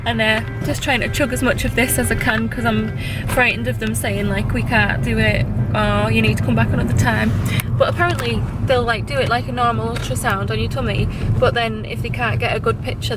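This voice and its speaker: A woman chatting casually to camera in a vlog, emotional and quick to laugh, with lots of "like"s. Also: fairly high pitch, loud music behind the voice. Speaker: vlogger.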